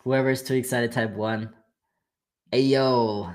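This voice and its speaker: Speaking at a medium pitch with a steady tone and a slightly slow pace, this German-accented man hosts a trading livestream. His talk is casual, hyped and full of slang, and he keeps addressing viewers as bro.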